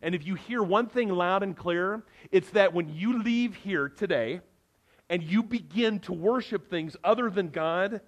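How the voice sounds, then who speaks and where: A middle-aged male pastor delivering a sermon with a slightly raised pitch. He talks to the congregation in an earnest, conversational way. His voice drops to hushed asides and rises to emphatic peaks. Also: measured pace. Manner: earnest, conversational preaching with wide swings in loudness. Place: church sanctuary.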